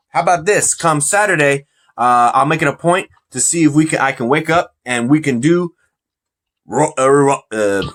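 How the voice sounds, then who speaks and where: A man's voice: on the high side, a bit bright. Male podcast host, casual, rambling, joking, stumbles over words. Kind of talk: casual chat.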